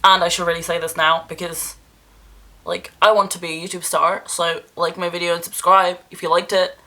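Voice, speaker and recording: Bright-voiced young woman vlogging candidly. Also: on the low side, little pitch movement, a little fast. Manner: candid, rambling and self-deprecating. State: emotional, near tears. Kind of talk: casual vlog monologue.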